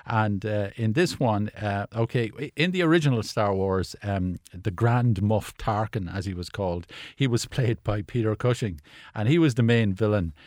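Guy on the radio talking movies, lowish voice, stop-start and lots of ums. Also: moderate pace, a little mellow, no echo, clean studio sound. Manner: hesitant, many restarts and fillers. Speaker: film critic guest. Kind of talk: casual radio chat.

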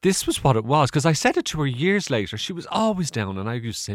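A man's voice: medium pitch, sing-song, fast talker, dry recording, studio quality. An Irish man, a guest in an interview, telling stories in a chatty, rambling way with fillers and laughs. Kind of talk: casual storytelling interview.

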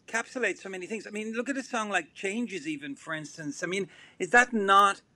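A man's voice: high voice, sharp tone, dry recording. A man, a musician guest on a radio show, speaking thoughtfully with many fillers and restarts. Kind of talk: radio interview.

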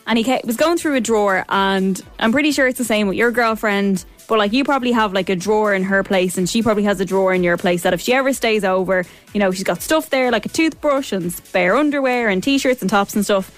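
A woman's voice: medium pitch, fairly quick, few pauses, soft background music. A young woman co-hosting a podcast, chatting and telling a story while acting out both sides of it. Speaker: podcast co-host. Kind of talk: casual chat, animated storytelling.

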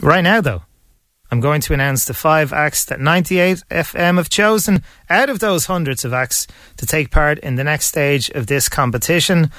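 A man presenting a music radio show, announcing acts and songs in a brisk, upbeat manner. His voice sits a little high for a man. It is recorded close on a dry studio mic. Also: lively intonation, fairly bright tone, no echo. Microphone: studio microphone.

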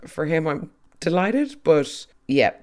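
A speaker giving a chatty, opinionated recap of a soap opera, with quick asides and restarts. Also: mid-range voice, sing-song. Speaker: soap recap podcast host. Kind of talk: casual chat.

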